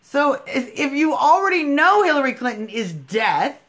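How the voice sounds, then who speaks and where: A woman's voice: high-pitched, sing-song, moderate pace, fairly bright tone. A woman hosting a political livestream, talking bluntly and emphatically, scolding her viewers and swearing freely. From United States. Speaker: livestream host.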